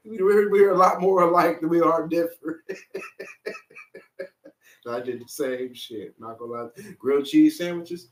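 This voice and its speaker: Higher-voiced man telling stories, laughing. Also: takes it slowly, long pauses, distant mic. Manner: animated storyteller, laughs often. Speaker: podcast co-host. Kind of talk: casual chat. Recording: echoey room.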